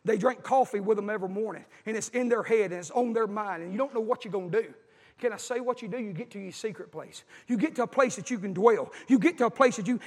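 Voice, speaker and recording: A man's voice: high voice, quick pace. A man preaching a fervent, folksy sermon and calling out to his congregation. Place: church with a congregation. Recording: echoey hall.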